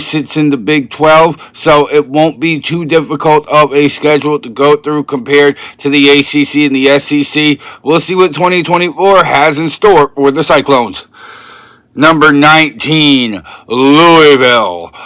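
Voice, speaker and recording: A man on his own channel, talking viewers through a college football ranking one team at a time. His voice sits a little high for a man, and he sounds chatty and upbeat. The sound is close and dry, with no room around it. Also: a bit bright, clear, resonant tone, dry recording. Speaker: sports channel host. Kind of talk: casual sports ranking commentary.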